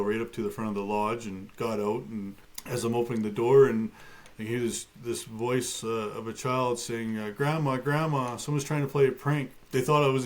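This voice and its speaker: A man of middle pitch telling his own story as a talk show guest. He keeps a steady, matter-of-fact tone with touches of dry humor and plenty of casual fillers. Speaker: guest, bear attack survivor.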